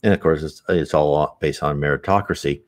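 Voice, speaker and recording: A man's voice: a bass voice, normal speed. A man hosting an unscripted spiritual talk, earnest and rambling, with frequent restarts and asides.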